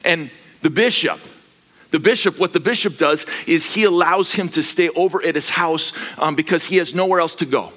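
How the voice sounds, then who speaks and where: A man preaching a sermon as a guest pastor, energetic and swinging from quiet asides to shouting. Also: on the high side, normal speed, long reverb tail. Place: church sanctuary.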